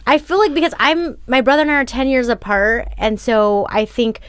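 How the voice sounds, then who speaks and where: Podcast host, woman, slightly high voice, easygoing casual chat. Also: normal speed, a bit bright, smooth, dry recording. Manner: easygoing, laughs along.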